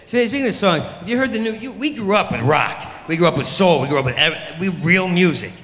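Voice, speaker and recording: A man's voice: sits high, lively intonation, a little fast, a bit bright, big-room sound, slight background noise. A man doing a rambling, crude stand-up comedy set, full of sarcastic rants and mocking impressions.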